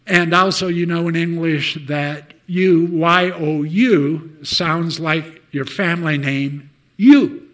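A man preaching a sermon, telling a story and loudly acting out the lines of the people in it. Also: fairly high pitch, slow. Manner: storytelling, shouts out acted quotes.

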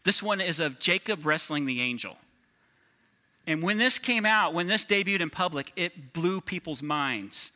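Bright-voiced energetic man preaching. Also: on the high side, measured pace. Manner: energetic, asks the crowd for agreement. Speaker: pastor. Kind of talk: sermon.

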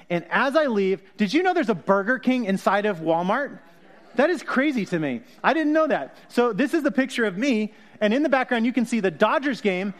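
A man with a high voice preaches in a loose, chatty way. He jokes with his listeners, laughs at his own asides, and corrects himself mid-sentence. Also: very animated, moderate pace. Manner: jokey, self-correcting, laughs often. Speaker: pastor. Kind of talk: conversational sermon.

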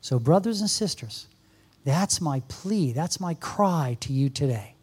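A man's voice: a little high, animated, unhurried, darkish tone, slightly rough. A man in his fifties giving an earnest sermon to a church congregation, exhorting the audience directly. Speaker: guest speaker. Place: church service with a live audience.

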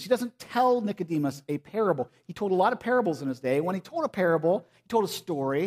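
A man with a high voice preaching a relaxed, chatty sermon. He talks to the congregation like friends and often slips into playful impressions of the people he quotes. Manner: casual and conversational, often acting out quoted voices. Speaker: pastor.

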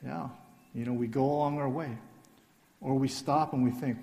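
Male pastor, mellow, earnest sermon voice, soft emphatic drops, long hall reverb. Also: medium pitch, steady tone, normal speed, gravelly, long pauses.

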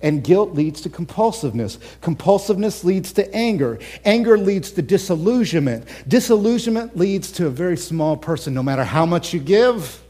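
A man preaching a sermon as a pastor, animated, swinging between loud mocking impressions and quiet earnest asides. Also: sits high, moderate pace, hardly any pauses.

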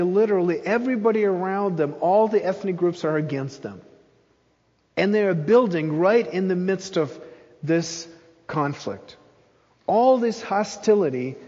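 A man's voice: high-pitched, dark tone, big-room sound, lo-fi sound. A man preaching a sermon in an earnest voice, pressing hard on his key phrases. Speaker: pastor.

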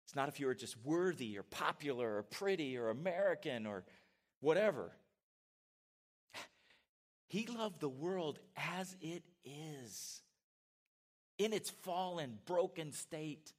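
A middle-aged man preaching a sermon in a church, animated and conversational, with asides to his congregation. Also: on the high side, slow, long pauses. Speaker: pastor. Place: church sanctuary.

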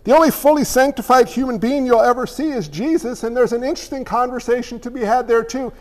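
A man preaching a sermon as pastor, animated and acting out little voices along the way. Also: extremely high pitch, quick pace, long reverb tail.

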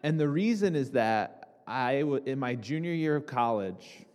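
A man's voice: medium pitch, expressive, unhurried, darkish tone. Young man preaching in a reverberant hall. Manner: conversational, with restarts and asides to the congregation. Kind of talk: sermon.

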